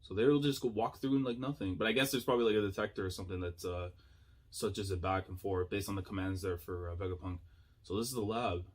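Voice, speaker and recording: A man gives casual, excitable reaction commentary as a YouTuber, thinking aloud with slang and laughing often. His voice sits low and moves fast.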